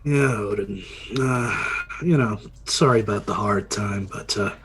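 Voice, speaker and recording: Slow, wry man playing a tabletop game. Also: fairly low pitch, fairly bright tone, breathy edge. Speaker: player. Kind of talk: in-character tabletop play.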